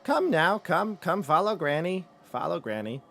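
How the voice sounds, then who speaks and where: A man doing a cackly old hag granny, pitched way up and sly, who nags and coaxes the children to work. The voice is scolding and pushy, a storybook witch of a grandmother. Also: sing-song, moderate pace, a bit bright, faint music behind, heavily acted. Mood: coaxing. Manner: wheedling, bossy scolding.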